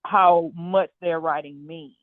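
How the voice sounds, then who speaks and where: A woman guest in a casual conversation who speaks earnestly and with warm affirmation. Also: low-pitched, steady tone, slow, dry recording. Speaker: podcast guest. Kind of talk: casual chat. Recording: tinny phone-like remote line.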